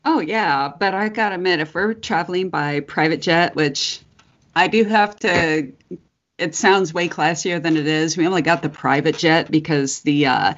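Husky, hoarse-voiced woman podcast host. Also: deep voice, moderate pace. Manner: laughs often, swears freely. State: hoarse, husky from screaming voice work. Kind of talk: casual chat. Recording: dull lo-fi podcast audio.

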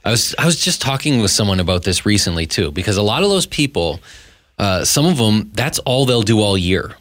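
A man's voice: fairly low pitch, very animated, fairly quick, fairly bright tone, no room sound. A man co-hosting a podcast in a studio, laid-back, dropping dry quips and laughing easily. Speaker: podcast co-host. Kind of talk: casual chat. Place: radio studio.

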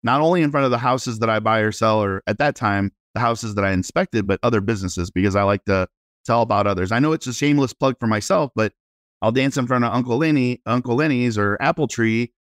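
A man, a realtor guest, telling animated and self-deprecating stories in a casual interview. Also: mid-range voice, fast, dry recording, studio quality.

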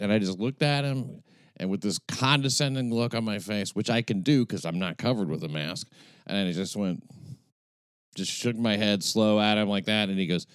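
A man's voice: lowish voice, clean tone, no echo, clean studio sound. An older man with a New York accent, hosting a podcast and ranting crudely and sarcastically in a casual chat. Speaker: podcast host.

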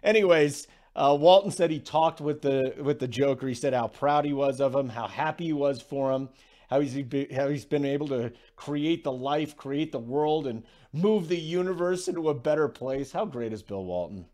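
A man hosting a sports betting radio show, talking casually with quick asides and self-deprecating jokes. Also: mid-range voice, a little mellow.

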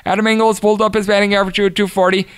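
A man hosting a sports betting podcast, reeling off batting averages and betting lines quickly and with emphasis. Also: sits high, level tone, clear, resonant tone, no room sound. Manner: rattles off stats quickly, emphatic. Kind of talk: fast scripted-style sports betting analysis.

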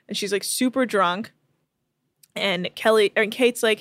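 A woman hosting a podcast, recapping a show in a chatty, rapid storytelling way with plenty of fillers, close to the mic. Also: mid-range voice, fairly even intonation, fairly bright tone, clean tone, no echo. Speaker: podcast host.

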